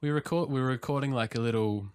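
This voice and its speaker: A man's voice: mid-range voice, fast, clean tone, dry recording, studio quality. An Australian man chatting casually as a podcast guest, thinking aloud with restarts. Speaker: guest producer.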